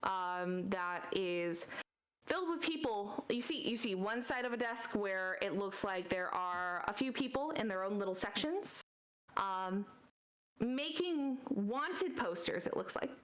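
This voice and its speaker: A woman narrating as dungeon master in a tabletop game, describing scenes casually with many pauses and fillers. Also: mid-range voice, expressive, fairly bright tone, rough recording.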